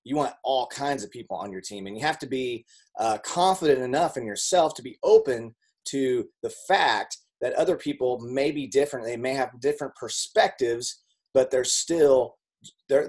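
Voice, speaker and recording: A man giving a casual motivational talk to a group, talking conversationally with many fillers and repeats, and acting out quoted people with sudden jumps in pitch. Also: slightly rough. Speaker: speaker on network marketing.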